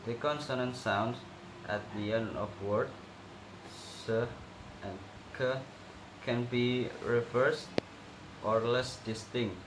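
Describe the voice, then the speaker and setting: A young male student slowly reading out a pronunciation assessment and demonstrating sounds. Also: mid-range voice, fairly even intonation. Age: young adult. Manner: slow, careful, demonstrating sounds. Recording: echoey room with noticeable background noise.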